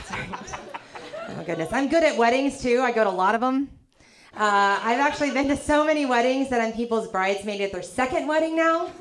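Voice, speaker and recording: A woman from the South, performing a stand-up comedy set with a dry, teasing delivery and quick punchlines. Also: high voice, lively intonation, noisy background. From American South. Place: comedy club stage. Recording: live club with loud crowd laughter. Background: audience laughter.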